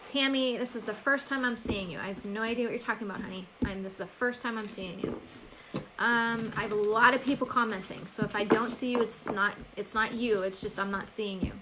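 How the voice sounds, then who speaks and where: A woman's voice: fairly high pitch, fairly even intonation, brisk, noisy background. A woman hosting a live stream as a psychic medium, chatting casually, laughing often and answering viewers by name.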